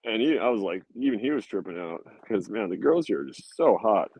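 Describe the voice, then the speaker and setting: Low-voiced, profane young man ranting. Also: animated, fairly quick, a little mellow, husky, rough recording. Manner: profane, laid-back, ranting. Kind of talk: casual rambling monologue.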